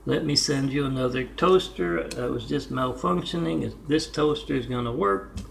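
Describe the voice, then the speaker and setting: A man's voice: mid-range voice, normal speed, vocal fry, slight background noise. A man voicing a courteous male customer service clerk who apologizes to an angry caller. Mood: apologetic.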